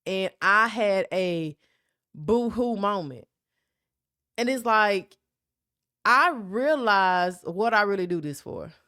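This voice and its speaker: A young woman from South Memphis, USA, hosts her own solo podcast, speaking candidly and emphatically with a Southern accent and repeatedly asking "right?" Her mid-range voice is pushed, bright, clear, and resonant, with lively intonation, a slow pace, and long pauses. The recording is clean studio sound with no echo.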